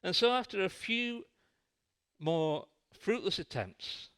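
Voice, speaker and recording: A man tells a light-hearted story as part of a sermon in a church. His delivery is animated, with a lively, swinging pitch. His voice sits a little on the high side. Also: slow, smooth. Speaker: preacher.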